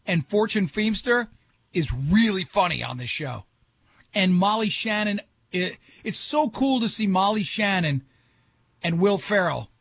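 A man's voice: high-pitched, expressive, unhurried, creaky, fairly bright tone, slightly rough, no room sound. A man hosting a morning radio show, rambling and joking in casual banter.

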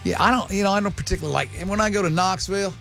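A man's voice: high voice, racing, gravelly, a bit bright, soft background music. A man hosting a talk radio show, joking casually with his co-hosts. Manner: jokey, does mocking impressions. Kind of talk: casual banter.

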